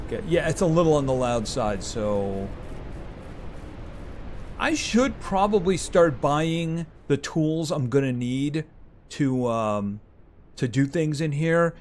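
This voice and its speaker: A man's voice: a little high, lively intonation, slow, a little hiss or hum. A man streaming a farming game live, chatting casually with his viewers as he plays. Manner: chatty, talks to game animals and reads chat aloud.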